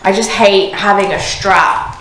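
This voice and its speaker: A young woman vlogs from an indoor room, voice set at a middling pitch. She chats to camera in a lively, excitable way and gives blunt opinions. The room sounds roomy and echoey, with faint noise in the background. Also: unhurried. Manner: chatty, excitable, candid opinions. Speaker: unboxing vlogger. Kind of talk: casual chat to camera.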